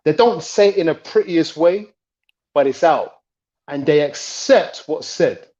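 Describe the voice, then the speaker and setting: A man's voice: on the high side, expressive, unhurried, darkish tone. Enthusiastic man on a podcast panel. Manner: enthusiastic, repeats himself. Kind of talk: casual panel chat. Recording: dull lo-fi podcast audio.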